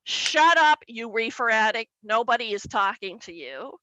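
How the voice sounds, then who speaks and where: A woman voicing her gruff, prudish older father, a former Marine, with blustering, scolding delivery. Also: a little high, moderate pace, pushed and bright, dry recording, low-quality recording.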